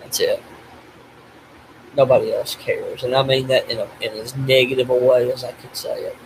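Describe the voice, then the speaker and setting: An older man talking in a tearful video diary, grief-stricken and blaming himself, speaking haltingly with restarts and breaking off as he cries. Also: medium pitch, little pitch movement, noisy background. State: crying. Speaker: vlogger.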